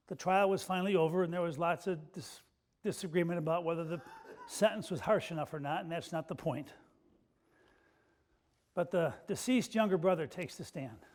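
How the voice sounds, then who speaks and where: A male pastor delivering a sermon with folksy, self-deprecating storytelling, dropping soft and slow at emotional moments. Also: high-pitched.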